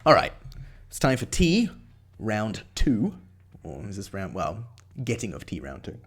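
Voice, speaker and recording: A young Scottish man streaming live while he works, muttering to himself and breaking into loud, exasperated outbursts. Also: lowish voice, huge pitch swings, a little slow, slightly rough. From Scotland. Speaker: livestreamer rigging in 3D software. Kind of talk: casual live-stream chat while working.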